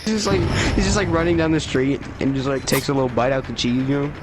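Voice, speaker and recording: A man's voice: mid-range voice, animated, fast, over a noisy crowd. A young man rambling through a made-up story in casual late-night chat, swearing and laughing a lot. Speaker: friend telling a made-up story.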